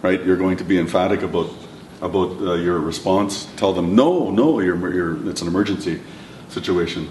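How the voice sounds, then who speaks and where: A man teaching a language lesson, patiently repeating words slowly for his learners. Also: little pitch movement, a little mellow. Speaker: language instructor. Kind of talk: classroom lesson. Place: classroom or lecture room. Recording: echoey room, mic at a distance, faint rumble.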